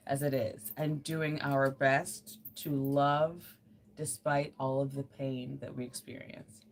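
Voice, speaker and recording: A woman's voice: extremely low pitch, little pitch movement, slow pace, slight background noise. A woman livestreaming while crafting, chatting casually in an earnest, rambling way with lots of fillers.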